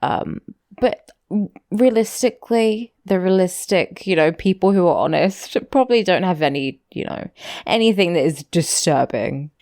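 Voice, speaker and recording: A woman's voice: lowish voice, animated, moderate pace, a little mellow, dry recording, studio quality. A young woman co-hosting a podcast, making joking asides and laughing often. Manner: joking, giggly, loose asides. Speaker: podcast co-host. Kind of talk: casual chat.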